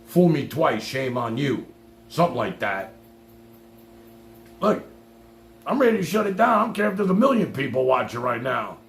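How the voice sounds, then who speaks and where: A man's voice: mid-range voice, big pitch swings, moderate pace, pauses often. A man hosting a livestream and ranting at a caller in a sarcastic, profane, combative way. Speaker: livestream host. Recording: echoey room with faint hum.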